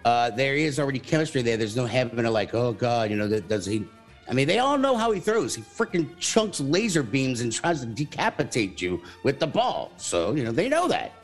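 A man co-hosting a casual sports radio show, talking in a playful, animated way. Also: mid-range voice, a little fast, soft background music. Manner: animated, playful, slips into mock old-time announcer voices. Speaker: radio co-host.

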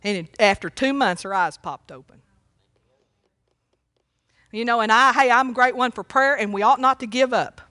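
A woman preaching a sermon, folksy and fervent, breaking into loud cries when she quotes a plea for mercy. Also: on the high side, moderate pace, long pauses, dry recording, clean studio sound. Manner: fervent, folksy, exclaims praise often; rises to shouting when quoting cries for mercy.

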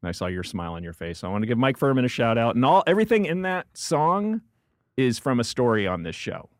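A man hosting a comedy podcast, talking into a studio mic in a dry, close room. His pitch sits in an ordinary middle range. He rambles and jokes, piling on fillers and restarts. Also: big pitch swings, fast, no room sound. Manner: chatty and joking, rambling with fillers. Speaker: podcast host. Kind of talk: casual chat. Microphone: studio mic with headphones.

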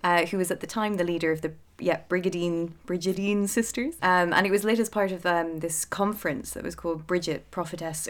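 An Irish woman co-hosting a casual chat, reading from notes with many fillers and self-corrections. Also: fairly low pitch. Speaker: podcast co-host.

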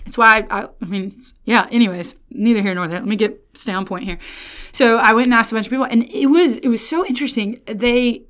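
This woman talks fast, her voice a little high and fairly bright. Her sermon opens with scripture, then turns into a folksy, rambling tale of her student years, packed with restarts and plenty of y'all.

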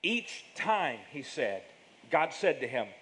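Guy preaching a sermon, slow and dramatic, pretty high-pitched, voice rises and drops a lot. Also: big pitch swings, poor audio. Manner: emphatic, with big swings in pitch and loudness and drawn-out words. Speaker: pastor.

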